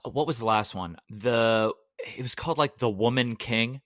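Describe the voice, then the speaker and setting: Male podcast co-host, mid-pitched, expressive and joking, dry sound. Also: no echo. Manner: joking, quick banter. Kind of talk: casual chat.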